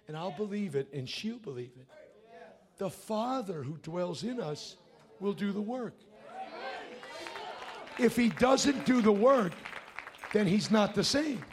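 High-voiced preacher, hushed to shouting. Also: male voice. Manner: swings from hushed to shouting, colloquial and blunt. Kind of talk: revival sermon.

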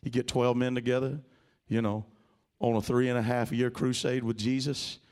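A man's voice: mid-range voice, normal speed. A male preacher delivering a dramatic storytelling sermon, asking the congregation to repeat phrases. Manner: dramatic, animated, calls for congregation responses.

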